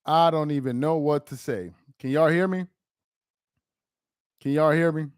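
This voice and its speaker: A man's voice: on the high side, a little slow, smooth, no room sound. Male sports streamer, casual and down, repeats himself, resonant voice, dead-dry sound. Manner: dejected, repetitive, rambling. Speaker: sports livestream host. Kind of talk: casual live-stream chat.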